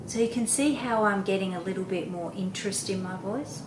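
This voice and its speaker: A woman hosting a lesson for parents on reading aloud, expressive and demonstrative, with a voice that moves around a lot. Her voice sits at an ordinary middle pitch. It was recorded in an echoey room with a faint hiss underneath. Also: brisk, hardly any pauses. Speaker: host, reading coach for parents. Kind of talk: instructional talk to parents.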